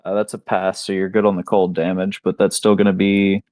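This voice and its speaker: A man with a very low voice plays in a tabletop game, describing his character's attacks in loose, casual speech. The sound is dry and close, with no room echo. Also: little pitch movement, fairly quick, a little mellow. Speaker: player.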